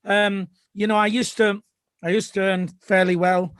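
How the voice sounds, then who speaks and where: A man's voice: high-pitched, little pitch movement, normal speed, fairly bright tone, smooth, dry recording. A man co-hosting a fan stream, joking about himself and reading out viewer comments in casual banter. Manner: joking, self-deprecating, reads out chat. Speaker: fan co-host.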